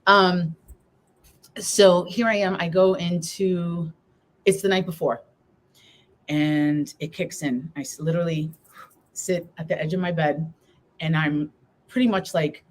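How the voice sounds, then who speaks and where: A woman's voice: lowish voice, steady tone, a little slow, long pauses. A middle-aged woman, a guest on a live talk show, telling her personal story while trying to hold back tears.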